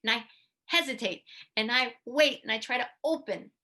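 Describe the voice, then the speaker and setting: A woman physical therapist giving an instructional talk, lively and demonstrating goofy mouth sounds as she teaches. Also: a little high, moderate pace. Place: video presentation to a study club.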